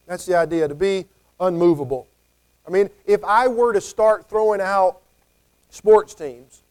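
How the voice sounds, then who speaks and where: A man's voice: high-pitched, darkish tone, smooth. A man preaching a conversational sermon, often acting out what people might say. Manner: conversational, acts out quoted voices.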